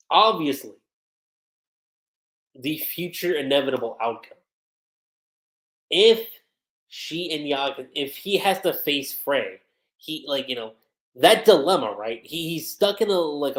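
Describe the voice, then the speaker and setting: A streamer hosting a casual livestream review of a manga chapter, talking in a chatty, animated way with lots of fillers. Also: mid-range voice. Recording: roomy echo.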